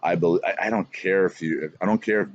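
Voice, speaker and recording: A man's voice: deep voice, fairly quick, no room sound. A middle-aged man talking in a rambling podcast monologue, often repeating and restarting his words. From Canada. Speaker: podcast host. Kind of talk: casual monologue. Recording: dull lo-fi sound.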